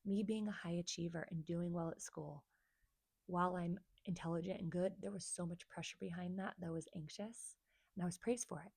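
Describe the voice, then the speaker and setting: A woman's voice: on the low side, steady tone, fairly quick, a little mellow, slightly rough, no echo. A woman therapist telling her own story to the camera, earnest and confiding, speaking straight to her viewers. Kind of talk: personal story vlog to camera.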